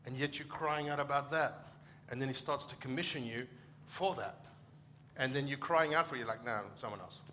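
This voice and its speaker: A man's voice: medium pitch, steady tone, normal speed, pushed and bright, a little hiss or hum. A middle-aged man from Africa, a pastor preaching a conversational sermon and acting out short quoted exchanges.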